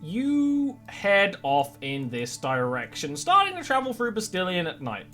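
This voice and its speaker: Animated man running a tabletop game. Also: high-pitched, unhurried. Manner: animated, rambling with many fillers. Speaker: game master. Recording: faint music bed behind.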